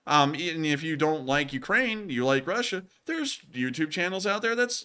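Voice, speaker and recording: A young man with a high-pitched, jokey voice that swings widely up and down. His tone is bright and forward, and he runs his livestream chatter with playful teasing and quick asides. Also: very animated. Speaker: livestream news host. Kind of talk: casual livestream chat.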